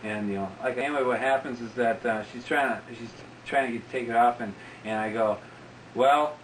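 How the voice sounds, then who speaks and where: A man's voice: mid-range voice, fairly even intonation, a little fast. A man in his forties telling a casual story in a rambling way, full of fillers and asides. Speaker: interviewee. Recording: distant mic with faint background noise.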